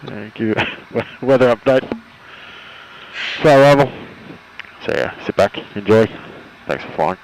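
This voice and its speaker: Man, low gravelly voice, playful fake airline PA, faint hiss behind. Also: expressive, rough recording. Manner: playful, imitating a pilot's slow announcements. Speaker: flight sim crew member. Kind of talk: mock airline cabin announcement.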